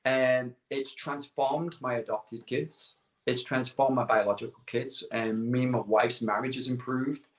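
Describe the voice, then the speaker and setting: A man's voice: mid-range voice, unhurried. Middle-aged guy rambling through stories, acts out the other voices, echoey room. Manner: animated anecdotes with quoted dialogue, repeats words. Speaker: guest. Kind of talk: casual storytelling interview.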